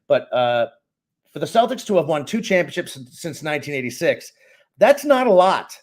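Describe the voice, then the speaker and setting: A middle-aged man from Boston, co-hosting a casual sports podcast and giving opinionated, animated takes. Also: on the high side, moderate pace. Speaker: co-host and sports analyst.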